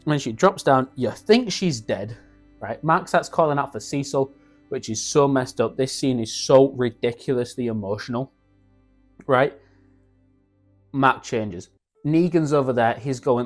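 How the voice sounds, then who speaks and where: A young man excitedly recapping a show in casual slang, acting out the characters' lines as he goes. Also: medium pitch, unhurried, soft background music. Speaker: YouTube reviewer.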